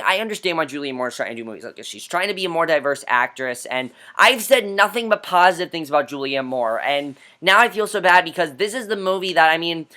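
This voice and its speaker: A man's voice: high-pitched, pushed and bright. A man giving an exasperated, blunt, profane rant as a film reviewer.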